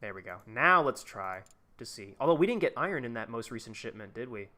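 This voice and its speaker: A man's voice: medium pitch, very animated, fairly quick, pushed and bright. A young man live-streaming a game, chatting casually and rambling with lots of fillers and restarts. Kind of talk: casual gameplay commentary.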